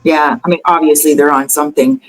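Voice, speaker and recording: A woman hosting a casual celebrity gossip chat, talking in a chatty, animated way with fillers and laughter. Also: low-pitched, fairly quick, low-quality recording. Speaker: host.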